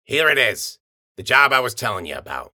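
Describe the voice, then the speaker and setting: A man's voice: mid-range voice, very animated, fairly quick, pushed and bright, no echo, clean studio sound, heavily acted. A man voicing a blunt, dismissive male fixer who brushes off complaints. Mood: gruff.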